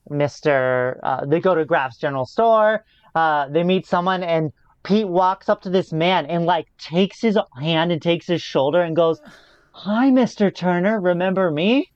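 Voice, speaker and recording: A podcast co-host chatting casually about a movie, wry and quick to laugh. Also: medium pitch, clear, resonant tone, no room sound, dull audio. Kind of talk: casual movie recap chat.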